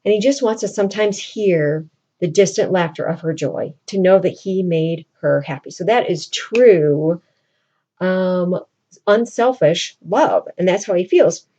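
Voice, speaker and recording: A woman's voice: on the low side, a little slow, dark tone, muffled recording. A woman teaching literature, retelling a classic play to her class in a casual, chatty way full of "like" and "you know".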